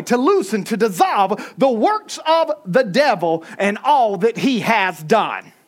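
A man preaching a sermon in a fiery style, often shouting with rising pitch, with a Southern American accent.

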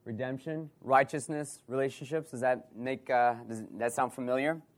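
A man's voice: medium pitch, steady tone, normal speed. Male pastor, sermon delivery, calls out questions to the room, repeats himself for emphasis. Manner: preaching with rhetorical questions, repeating phrases and restarting.

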